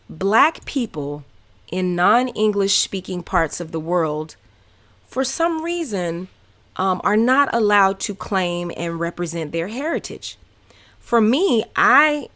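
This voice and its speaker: A woman in her thirties with a Southern US accent, telling personal stories on her podcast in a candid, animated way with many fillers. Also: on the low side. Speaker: podcast host. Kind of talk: casual personal storytelling.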